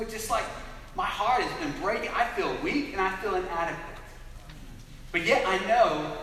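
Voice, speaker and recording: High-voiced, bright male preacher in echoey hall. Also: far from the mic, slight background noise. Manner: earnest storytelling with acted-out dialogue. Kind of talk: sermon.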